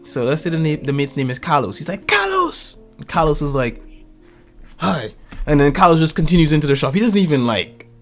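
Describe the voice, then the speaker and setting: A man's voice: a little high, quick pace, soft background music. A man, telling stories in a casual chat and acting out the voices in them. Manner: animated storyteller, acts out quotes. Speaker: podcast guest.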